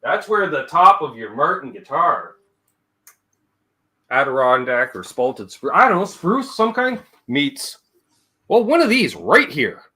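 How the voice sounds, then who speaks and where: A man telling casual stories as a livestream guest. His voice is bright and very animated, and the stories ramble along, full of jokes and quick imitations of his relatives. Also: a little high, slightly rough.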